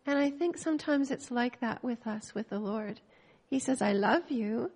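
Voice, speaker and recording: An older woman from Canada giving a heartfelt, emotional church testimony, pausing and restarting as she speaks. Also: high-pitched, a little mellow.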